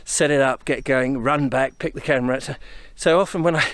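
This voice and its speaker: A man from England chatting to his camera on a cold walk along misty country footpaths outdoors. He is a little out of breath from walking and rambles easily from thought to thought in a mid-pitched voice. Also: fairly even intonation, brisk, fairly bright tone, no echo. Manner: chatty, rambling, thinks aloud while walking. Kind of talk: casual walking commentary to camera. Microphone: camera on a tripod, set up and carried along.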